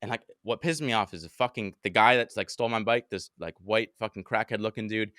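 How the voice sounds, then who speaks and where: A young man races through a story in a bright, forceful voice, cursing freely. He acts out his own shouts and panicked thoughts as he goes. The sound is close and dry. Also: fairly low pitch, quick pace, clear, resonant tone, no echo. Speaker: podcast host. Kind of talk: casual storytelling chat.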